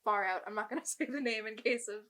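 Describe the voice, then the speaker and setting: A woman's voice: fairly high pitch, quick pace, sharp tone. A woman in her twenties co-hosting a podcast, talking bluntly and casually, with lots of "like" fillers. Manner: blunt, chatty, filler-heavy. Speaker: podcast co-host. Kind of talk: casual chat.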